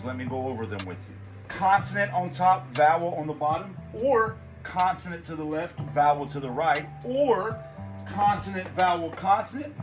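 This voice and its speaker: High-pitched guy teaching letters, keeps encouraging you, music in the background. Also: low-quality recording. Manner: reassuring, encouraging. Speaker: language teacher. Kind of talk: quick instructional explainer. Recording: music playing behind.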